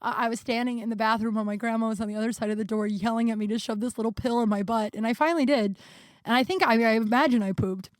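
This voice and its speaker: Woman, podcast host, fairly high voice, rambling casual storytelling, swears freely, close dry recording. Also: fairly even intonation, fast, dry recording. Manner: chatty, rambling, swears, lots of fillers.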